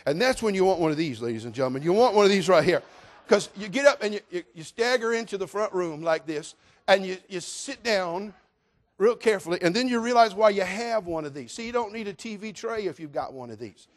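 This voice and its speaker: Man, pastor, high-pitched, comic sermon, animated, sudden shouted lines. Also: fairly quick. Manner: animated, playful preacher with sudden loud exclamations. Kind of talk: humorous sermon storytelling.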